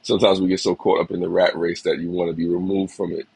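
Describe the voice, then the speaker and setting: Deep gravelly man encouraging his livestream. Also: level tone, fast talker, darkish tone, no echo, rough recording. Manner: reflective, encouraging, greets viewers by name. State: a little sick, slight cough. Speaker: livestream host. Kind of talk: casual motivational livestream talk.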